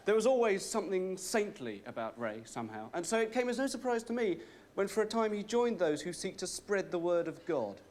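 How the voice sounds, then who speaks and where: A man's voice: high voice, very animated, fairly quick, a little mellow. A man narrating a comic sketch in a mock-serious tone. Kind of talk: scripted narration.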